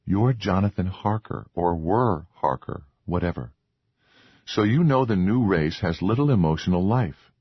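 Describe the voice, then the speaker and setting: A man voicing a meek, earnest young wife with a soft, pleading, formal way of speaking. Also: deep voice, animated, a little slow, slightly rough, no room sound, lo-fi sound, full character voice.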